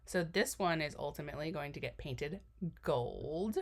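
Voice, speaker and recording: A young woman with a low-pitched voice and a drawl talks through a cookie decorating tutorial in a relaxed voiceover. She rambles cheerfully, trails off into fillers and pokes fun at herself as she goes. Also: normal speed. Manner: chatty, rambling, self-deprecating, many fillers. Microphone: voiceover mic.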